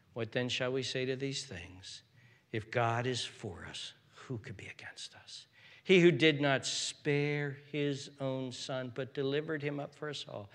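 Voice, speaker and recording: A man preaching a sermon as pastor in a church sanctuary, swinging from loud fervent preaching to hushed near-whispers. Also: mid-range voice. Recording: hall reverb.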